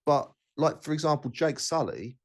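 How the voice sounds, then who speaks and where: A man's voice: on the high side, sing-song, moderate pace. A man hosting a casual podcast chat, talking bluntly and rambling with many restarts. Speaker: podcast host.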